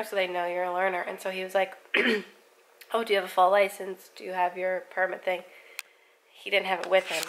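A young woman chats through her vlog with a gravelly, fry-laden voice, peppering her talk with "like". She sits at a middle pitch. A faint hiss of background noise sits under the recording. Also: a bit bright, rough recording. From United States. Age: young adult. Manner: chatty, lots of "like", drops to a near whisper when tasting. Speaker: vlogger. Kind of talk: casual vlog chat.

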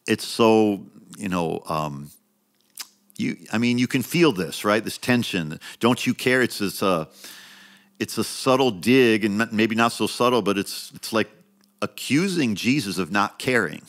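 Deep-ish guy preaching, chatty and emphatic, repeats himself for punch, gets higher when he pushes a point. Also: expressive, unhurried, fairly bright tone. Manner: emphatic, repeats phrases, rises in pitch when stressing a point; conversational preaching with frequent restarts and asides. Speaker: pastor. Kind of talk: sermon.

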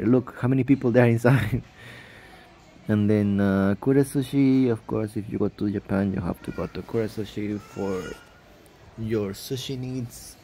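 Gravelly, low-voiced young man rambling. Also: dark tone, slight background noise. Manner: rambling, self-correcting, laughs often. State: sleepy, just woke up. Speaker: vlogger. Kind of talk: casual travel vlog voice-over.

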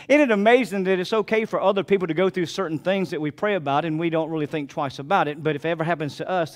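A man's voice: high-pitched, fast. An older man preaching a sermon as pastor, repeating phrases and calling out to his congregation.

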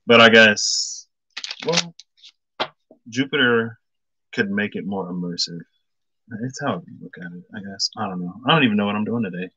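A man's voice: on the low side, expressive, moderate pace, pauses often, noisy background. A man giving a casual tarot reading to viewers, thinking aloud with many fillers and stopping to greet commenters by name. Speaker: tarot reader.

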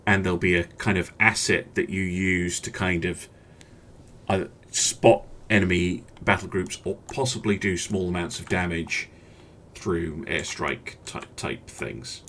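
A man hosting a gaming channel, giving relaxed gameplay commentary and thinking aloud as he works through choices, with hesitant fillers. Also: low voice, measured pace, a little hiss or hum.

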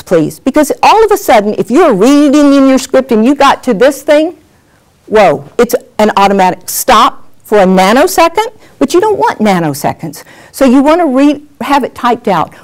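Lively woman coaching on-camera skills. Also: a little high, normal speed. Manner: lively, animated, acts out examples. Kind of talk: workshop lesson.

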